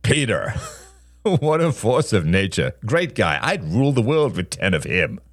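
A man playing a scornful middle-aged father with a gruff, mocking manner in a read-aloud story. The voice is deep, swings through wide, lively pitch, and sits in a dry space right on the mic. He snaps and sneers at his son. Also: unhurried, no echo, heavily acted. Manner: gruff, mocking, laughs harshly.

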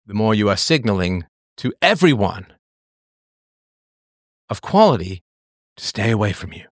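A talk show host with a lowish, sing-song voice answers a caller at a slightly slow pace, lecturing emphatically and mocking their excuses by quoting them in a raised voice. The recording is clean studio sound with no room echo.

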